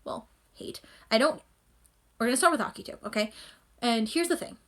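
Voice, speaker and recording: A woman's voice: on the high side, lively intonation, moderate pace. A woman rambling enthusiastically as she reacts to an anime episode in a casual vlog, recorded on a phone at home. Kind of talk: casual chat.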